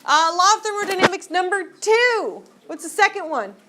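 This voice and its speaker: A woman teaching a high school class in a classroom, lecturing in a joking, teasing way and throwing questions at the students. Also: expressive, normal speed, background noise.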